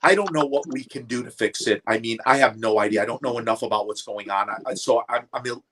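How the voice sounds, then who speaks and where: A man's voice: medium pitch, fast, a bit bright, slightly rough, poor audio. A man talking casually as a guest on a stream, often stumbling and repeating words as he searches for them. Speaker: panel guest. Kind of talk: casual chat.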